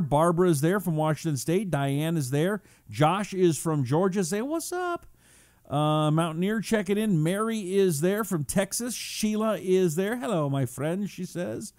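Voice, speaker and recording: A man's voice: a little high, a little mellow, dry recording, studio quality. A man hosting his own live talk show in a casual, playful, joking way, greeting his listeners. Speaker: radio and podcast host.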